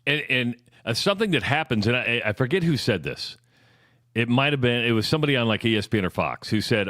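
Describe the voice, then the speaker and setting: A man's voice: mid-range voice, lively intonation, a bit bright, dry recording. A man co-hosting a sports talk radio show in a mid-range voice. He chats casually and often stumbles and restarts as he frames his questions. The sound is dry and close to the mic. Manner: halting, restarts questions, conversational. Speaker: radio co-host.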